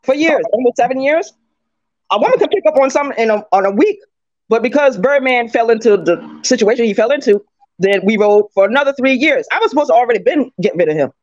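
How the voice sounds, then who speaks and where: A woman's voice: a little high, expressive, quick pace, a little mellow, no room sound. A woman guest in an interview clip, telling her personal stories bluntly and candidly. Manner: blunt, candid, laughs at herself. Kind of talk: candid storytelling. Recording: dull lo-fi clip audio.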